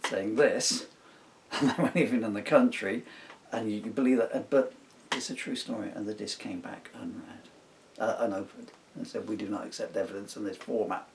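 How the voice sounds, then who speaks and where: A man's voice: lowish voice, vocal fry, recorded from a distance, a little hiss or hum. A middle-aged man, a songwriter, talking to himself in a casual, rambling and digressive way while working at a table at home. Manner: musing, digressive, talks to himself.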